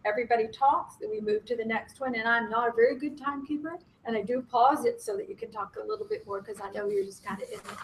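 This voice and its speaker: A fairly high-voiced woman leading a group workshop in a loose, conversational way. She is frank about herself and jokes at her own expense, breaking into laughs often. A faint hiss sits under her voice. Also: animated, fast talker, gravelly, few pauses, rough recording. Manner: candid, self-deprecating, laughs often. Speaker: workshop facilitator. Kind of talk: conference workshop facilitation.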